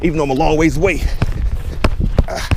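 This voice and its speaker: A man's voice: a little high, fairly quick, very noisy. Chatty man talking to camera outdoors. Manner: excitable, chatty, addresses viewers. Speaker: fishing vlogger. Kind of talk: casual talk to camera. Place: outdoors on a lakeshore.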